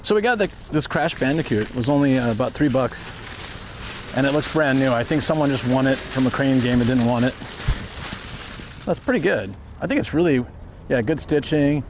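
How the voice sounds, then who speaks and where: Casual male vlogger, stuffy nose, average-pitched relaxed chat, faint hiss behind. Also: moderate pace. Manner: relaxed, chatty, laughs often. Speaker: travel vlogger streaming live. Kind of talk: casual live-stream chat. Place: walking around shops and a car outdoors.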